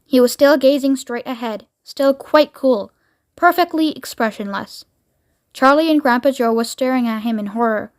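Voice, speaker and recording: A woman narrating a children's book aloud with expressive storytelling. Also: high voice, normal speed. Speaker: book reader.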